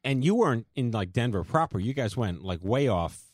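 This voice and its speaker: A man's voice: mid-range voice, sing-song, brisk, no echo, clean studio sound. A man hosting a podcast, chatty and joking, sometimes tripping over his words. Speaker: podcast host. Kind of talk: casual chat.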